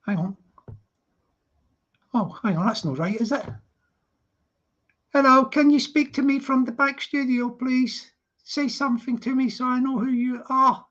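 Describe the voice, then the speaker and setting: A man's voice: extremely high pitch, a bit bright. A man hosting a casual live stream who rambles, repeats himself and laughs often. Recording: dull lo-fi stream audio.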